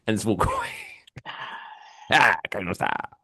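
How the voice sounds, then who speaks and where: A man's voice: on the low side, wildly swooping pitch, moderate pace, sharp tone, slightly rough, no echo, studio quality. A young man from England with an English accent, chatting casually as a podcast co-host and acting out customers with lots of swearing. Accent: English, from east of London. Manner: swearing, acts out customers in bursts. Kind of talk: casual chat.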